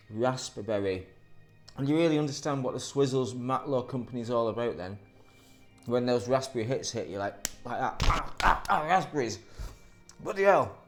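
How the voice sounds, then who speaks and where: A man's voice: medium pitch, darkish tone. A man casually reviewing a sweet on camera, rambling and self-interrupting, with dry, sardonic asides.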